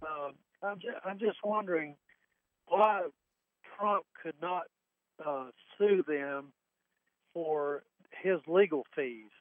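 A man's voice: on the high side, takes it slowly, pauses often, no room sound. A man calling in to a radio talk show, speaking earnestly with some hesitation. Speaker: caller. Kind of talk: phone-in call. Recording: tinny phone line.

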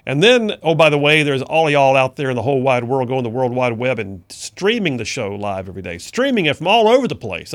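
Gravelly radio talk host, man. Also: medium pitch, no room sound. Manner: folksy, sarcastic, animated. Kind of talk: conservative political talk radio. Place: radio studio.

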